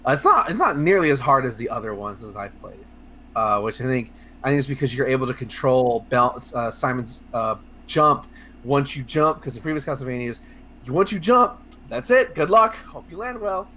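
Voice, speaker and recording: A man co-hosting a casual video game podcast, talking in a rambling, excitable way with lots of fillers, restarts and swearing. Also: medium pitch, brisk. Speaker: podcast co-host. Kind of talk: casual podcast chat about video games.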